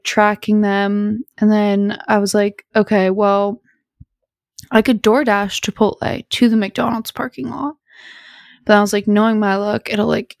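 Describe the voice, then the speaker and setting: A woman's voice: mid-range voice, creaky, no room sound, clean studio sound. A young woman in her twenties hosting a podcast, telling a rambling, filler-heavy story in a tired, sleepy way. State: sleepy, yawning. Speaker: podcast host. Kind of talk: casual storytime chat.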